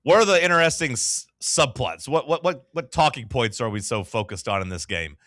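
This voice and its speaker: Guy hosting sports talk, bright forceful voice, dry close mic, lots of "like"s. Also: medium pitch, animated, a little fast, no room sound. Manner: loose and chatty, full of "like" fillers. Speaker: sports talk show host.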